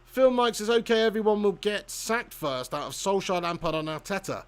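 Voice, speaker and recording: A man's voice: high-pitched, normal speed, clear, resonant tone. A young man hosting a casual football watch-along stream, chatting and laughing as he reads comments and calls the chances.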